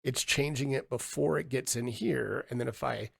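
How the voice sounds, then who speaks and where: A man demoing audio software on a live stream, thinking aloud, from a home streaming setup on a condenser mic. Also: mid-range voice, moderate pace, gravelly, husky, no room sound, studio quality. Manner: thinking aloud, many fillers and restarts. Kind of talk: casual live-stream tutorial. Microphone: USB condenser mic.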